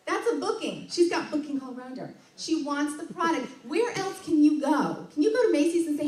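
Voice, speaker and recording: She has a high but darkish voice with lively intonation, speaking fairly quickly with few pauses. Leading an upbeat sales training talk before an audience in a meeting room, she role-plays customer exchanges and laughs a lot. The recording is distant and echoey.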